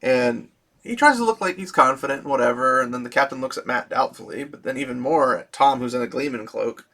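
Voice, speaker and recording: A man's voice: mid-range voice, lively intonation, fairly quick, pushed and bright. A man casually retelling a fantasy novel, chatty and laughing often. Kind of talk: casual storytelling recap.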